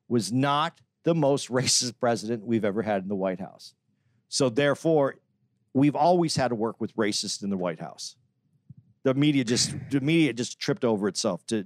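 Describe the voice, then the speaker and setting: A man's voice: mid-range voice, dry recording. A man makes his case on a podcast in an ordinary mid-range voice, talking earnestly and restarting his sentences often. The recording is dry and close, with no room sound. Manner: earnest, argumentative, many restarts. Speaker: podcast co-host. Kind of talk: casual podcast discussion.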